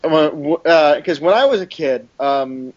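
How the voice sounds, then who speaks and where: A man's voice: on the high side, expressive, a little slow, no room sound. A man on a casual podcast who rambles, with many fillers and false starts. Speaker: podcast guest. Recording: dry, muffled lo-fi audio.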